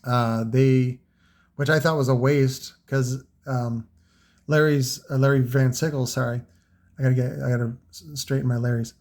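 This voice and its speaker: The man's darkish, mid-range voice holds a steady tone at normal speed as he reviews car audio products he sells. His casual, unscripted talk wanders, with frequent fillers and swearing.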